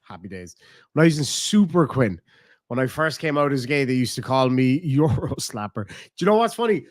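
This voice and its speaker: A man's voice: mid-range voice, big pitch swings, brisk, no echo, clean studio sound. A man with a Cork Irish accent, chatting casually on a live stream, rambling and swearing freely as he thinks aloud. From Ireland.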